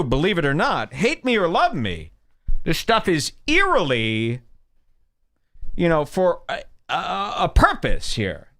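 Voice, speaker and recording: A man's voice: mid-range voice, fairly bright tone, no echo, clean studio sound. A man hosting a comedy radio show, delivering a sarcastic, mock-serious rant meant to provoke.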